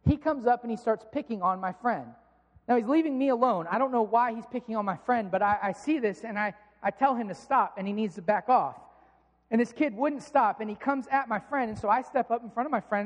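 A man's voice: high-pitched, in a large hall. A middle-aged man preaching a sermon, telling a personal story in an earnest, conversational way with casual fillers.

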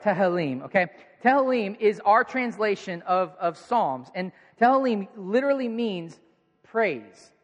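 A man with a notably high-pitched voice preaches in an easy, conversational way, earnest and animated as he speaks to his congregation. His voice carries a long reverb from a large hall. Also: unhurried, highs cut off. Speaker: pastor. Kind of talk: sermon.

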